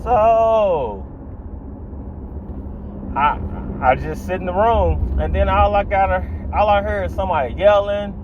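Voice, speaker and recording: A man's voice: sits high, slow pace, muffled recording, background noise. A young man telling a comic story in slangy speech, acting out the voices. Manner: animated, acts out voices, slangy. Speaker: stand-up storyteller.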